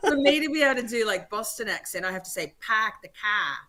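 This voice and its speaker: Bubbly Australian woman, bright voice. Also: on the high side, lively intonation, rapid-fire. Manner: bubbly, enthusiastic. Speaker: guest streamer. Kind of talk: casual livestream chat.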